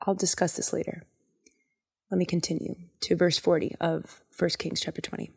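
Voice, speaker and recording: A woman's voice: fairly low pitch, little pitch movement, normal speed, gravelly, slightly rough. A woman casually retelling bible stories in a joking, chatty way, with many fillers.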